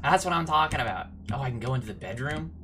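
A man streaming a game with casual, sarcastic commentary that breaks into loud bursts of excitement. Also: mid-range voice, fast, slight background noise.

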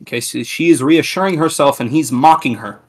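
Man giving a measured, reverent history lecture. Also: medium pitch, husky. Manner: measured, reverent, with small restarts. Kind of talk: scripted historical lecture reading narrations.

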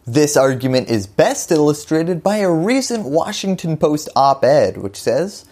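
A woman's voice: low voice, sing-song, a little slow, dark tone. A woman hosting a scripted political explainer, delivering it with wry, jokey asides.

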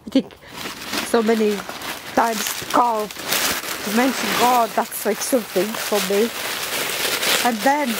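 High-voiced woman gasping over an unboxing. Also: steady tone, noisy background. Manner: gasping and exclaiming, halting non-native English. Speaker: plant vlogger. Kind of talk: unboxing vlog.

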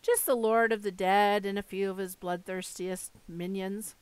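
A woman voicing a touchy, jittery young satyr boy, half goat, with a high nervous edge in an audiobook reading. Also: fairly even intonation, moderate pace, darkish tone, clean tone, no room sound, natural voice. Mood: sulky. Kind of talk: audiobook character voice.

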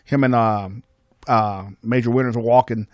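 A man's voice: mid-range voice, fairly even intonation, moderate pace, a little mellow, no echo, clean studio sound. A man co-hosting a podcast in loose, joking casual chat, rambling with many fillers. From United States. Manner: rambling, jokey, lots of fillers. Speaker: podcast co-host.

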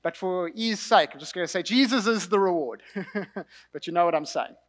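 A man's voice: sits high, a little fast, long reverb tail. A young man with a South African accent, preaching a sermon in a conversational storytelling way, with asides to the congregation.

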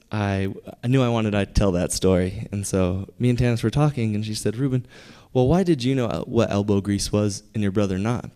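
A young man telling a personal story on stage at a live storytelling event, conversational and building to punchlines with pauses. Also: lowish voice, a little mellow, smooth. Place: theater stage.

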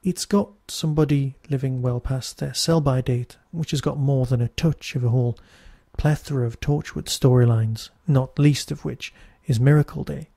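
A man's voice: mid-range voice, steady tone, moderate pace, gravelly, hardly any pauses, mellow, dry recording, clean studio sound. A Newcastle man with a Geordie accent hosting a podcast, reviewing in a chatty, wry, digressive monologue. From Newcastle, England. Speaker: podcast host.

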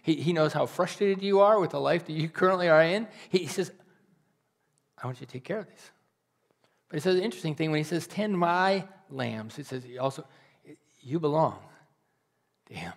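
A pastor with a voice on the high side preaches a little fast and pauses often. His sermon is earnest and pleading, shifting between loud rises and soft, near-whispered drops.

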